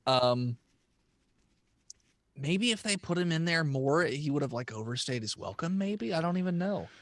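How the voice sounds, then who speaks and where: Male podcast guest, higher animated voice, hesitant casual chat. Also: normal speed, no echo, clean studio sound. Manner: lots of short agreeing backchannels, hesitant.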